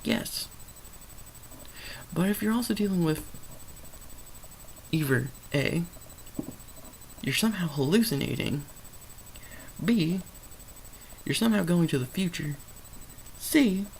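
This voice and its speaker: Slow, gravelly rambling movie reviewer. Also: mid-range voice, animated, darkish tone, slight background noise, rough recording. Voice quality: sarcastic, emphatic repetitions. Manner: rambling, stream of consciousness, self-correcting. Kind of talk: unscripted rambling film review.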